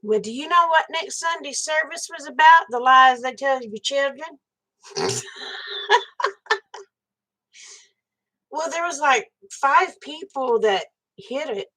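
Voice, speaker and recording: Over poor audio, a woman with a high, pushed, bright voice talks at normal speed with few pauses. She's hosting a live stream, telling a story straight to her viewers in a frank, chatty way with casual swearing.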